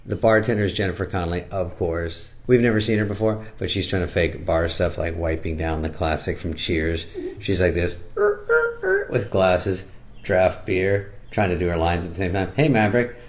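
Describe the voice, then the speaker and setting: A comedian in his later years delivers a loose, sarcastic monologue. His voice sits fairly low, with dry, deadpan timing. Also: normal speed. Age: older. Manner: sarcastic, deadpan riffing with high-pitched impressions.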